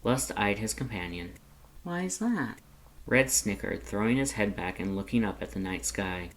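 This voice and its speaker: A man with a fairly low voice reads a fan story aloud in a gentle, unhurried manner. A faint hiss of background noise sits beneath his narration. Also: rough recording. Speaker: fanfiction reader.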